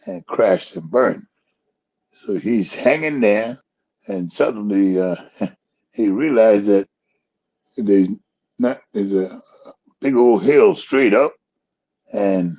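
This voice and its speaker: A man's voice: lowish voice, gravelly, mellow, slightly rough, muffled recording. A man hosting a talk show, telling a rambling joke in casual chat and chuckling at his own punchlines. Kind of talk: casual storytelling commentary.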